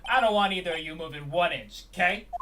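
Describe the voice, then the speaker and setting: A streamer doing a gruff Brooklyn police detective. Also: mid-range voice, a little fast, recorded from a distance, background noise, voice pushed up, natural voice. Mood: stern. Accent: put-on Brooklyn. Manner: tacks "see?" onto sentences. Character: gruff tough-talking male police detective. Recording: loud game music, voice set back from mic.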